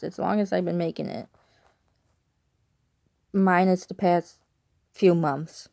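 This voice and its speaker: A woman's voice: fairly low pitch, a little slow, creaky, long pauses, mellow, no room sound. Rambling woman with a Chicago accent. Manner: rambling, chatty, self-correcting. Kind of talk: casual vlog chat. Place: at home.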